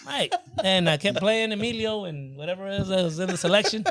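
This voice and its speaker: A man telling lively stories in casual chat, acting out other people's lines and saying "bro" a lot. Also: high-pitched, fairly quick. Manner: animated storyteller acting out quoted voices, says "bro" often. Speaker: guest DJ. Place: nightclub.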